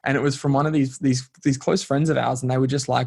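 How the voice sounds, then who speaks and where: A man's voice: medium pitch, level tone, quick pace, vocal fry, darkish tone, husky. Earnest reflective man. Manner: reflective, earnest, lots of "like" and "kind of". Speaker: podcast guest. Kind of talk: casual conversation.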